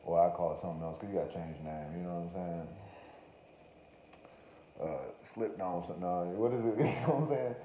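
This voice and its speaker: A man with a low, very dark voice rambles through a profane comedic monologue, joking and cutting himself off. He sounds like a podcast host talking off the cuff. The recording is roomy and echoey, with faint noise behind him. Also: fairly quick, pauses often. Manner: profane, joking, self-interrupting.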